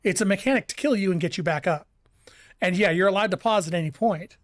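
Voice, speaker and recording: A game streamer rambles through live commentary, often restarting sentences and breaking into laughter. The voice sits at a middling pitch. The recording is dry and close, with no room sound. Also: quick pace, no echo.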